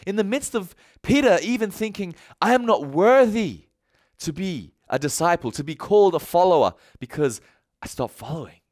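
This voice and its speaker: A man preaching a sermon as pastor, telling the story with lively flair and acting out what the people in it say. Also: no echo, studio quality. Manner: animated storytelling, acting out quotes with big swings in pitch and volume. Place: church hall.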